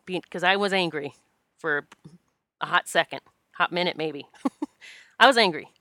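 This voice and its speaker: Smooth low-voiced woman telling a story. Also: normal speed, pauses often, no echo, studio quality. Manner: emotional, candid, animated quoting of herself. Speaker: Reiki practitioner. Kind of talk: casual personal storytelling.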